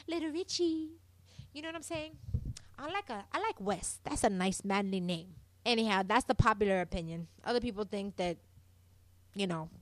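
A young adult woman gives a chatty, opinionated rundown of a soap episode, talking straight to her listeners. Her voice sits at a middle pitch. The sound is dry and close, with no room echo. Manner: opinionated, animated, addresses listeners as "people". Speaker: soap opera recap host. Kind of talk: casual chatty recap.

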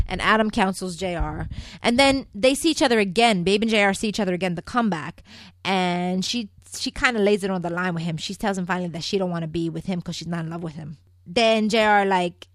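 A woman's voice: mid-range voice, no room sound. Chatty, opinionated woman recapping a soap. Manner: chatty, opinionated, keeps calling listeners "people"; swings between loud emphatic bursts and quiet asides. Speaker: podcast host recapping a soap opera. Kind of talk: casual solo recap show.

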